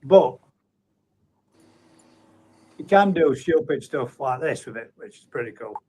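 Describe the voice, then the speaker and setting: A man's voice: medium pitch, expressive, a little slow, darkish tone, slightly rough. A man hosting a live stream, chatting in a matey way and reading out viewer comments with frequent chuckles. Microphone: streaming setup at a computer.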